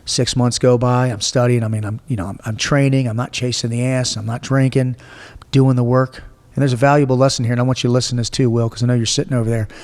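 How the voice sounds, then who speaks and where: A man's voice: mid-range voice, fast talker, hardly any pauses, long reverb tail. A man in his forties tells a story from his own life in a casual interview, blunt and full of swearing. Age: 40s. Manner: blunt, profane, animated storyteller. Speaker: guest.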